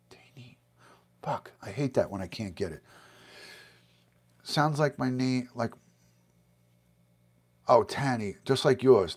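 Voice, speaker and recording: A man's voice: medium pitch, a little mellow. A middle-aged American man hosts a casual livestream from his basement at home, talking loosely and reading out viewer comments as they come in. His voice sits in an ordinary middle range, and he sounds close to the webcam mic. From United States. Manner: chatty, reads viewer comments aloud. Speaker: livestream host. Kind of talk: casual live-stream chat.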